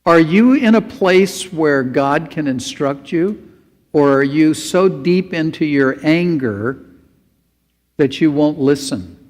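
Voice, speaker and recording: A man's voice: on the high side, animated, slow, in a large hall. A man preaching a sermon as pastor, earnest and pleading.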